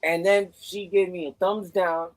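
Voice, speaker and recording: A man's voice: high voice, measured pace, no room sound, soft background music, poor audio. A man who works as a delivery driver, telling stories in casual chat and swearing often. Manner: animated storytelling, frequent swearing.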